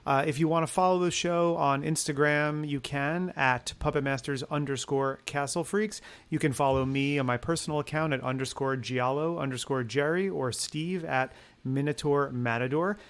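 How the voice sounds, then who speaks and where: A man's voice: a little high, normal speed, hardly any pauses. A man hosting a movie podcast, upbeat and chatty, making plugs and thanking his guest with frequent fillers. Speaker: podcast host. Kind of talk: casual podcast outro.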